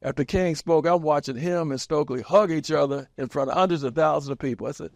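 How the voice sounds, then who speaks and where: A man's voice: fairly high pitch, fast talker, vocal fry, a little mellow, no echo, studio quality. A man in his seventies from small-town Kansas, an interviewed community activist recalling his past in an emphatic, wry storytelling way and chuckling at his own anecdotes.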